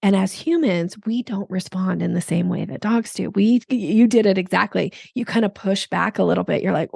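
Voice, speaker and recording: A woman sales coach speaking as a podcast guest, explaining with lively examples and putting on playful voices. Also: medium pitch, normal speed, vocal fry, few pauses, breathy edge, dry recording, studio quality. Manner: animated, acts out voices in examples. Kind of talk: podcast interview.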